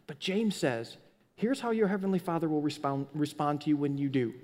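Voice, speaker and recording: A man's voice: on the high side, fairly quick. A man preaching a sermon as pastor, telling stories animatedly and often restarting his words. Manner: animated storytelling with frequent restarts. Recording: long hall reverb.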